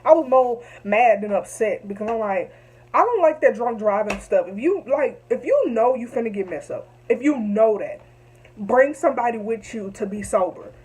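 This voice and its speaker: A woman's voice: on the high side, lively intonation, normal speed, darkish tone, breathy edge, poor audio. A young woman telling a story to camera, emphatic and repetitive, heated at times. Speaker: vlogger.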